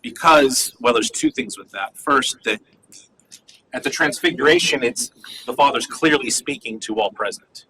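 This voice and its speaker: A man's voice: medium pitch, expressive, normal speed, sharp tone, breathy edge, poor audio. A man teaching a class on a Bible passage, talking conversationally and checking in with "right?" as he goes. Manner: conversational, many fillers and "right?" asides. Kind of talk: classroom lecture on scripture.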